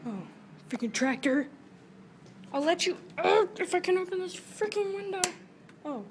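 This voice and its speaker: A woman's voice: extremely high pitch, animated, moderate pace, pauses often, a little hiss or hum. A young woman filming inside her house, jittery and often whispering as she coaxes a bird to leave. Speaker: vlogger. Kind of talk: handheld home video narration. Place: inside a house, attic and rooms.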